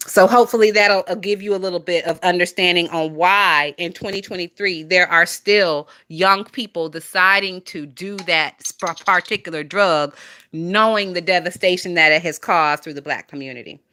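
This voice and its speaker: A woman's voice: mid-range voice, fairly bright tone, smooth. A young woman hosting a casual gossip stream, reading viewer comments aloud and reacting bluntly with lots of swearing and frequent laughter. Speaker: commentary channel host.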